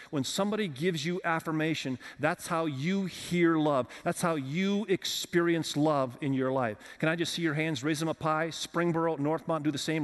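A man's voice: on the high side, in a large hall. A man preaching a sermon as pastor, talking conversationally and putting questions to the congregation. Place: church with several campuses.

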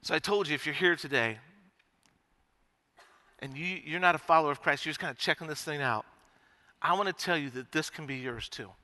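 A middle-aged male pastor preaching a sermon, telling a story with animated swings between loud and hushed delivery. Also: fairly high pitch, brisk, long pauses, long reverb tail.

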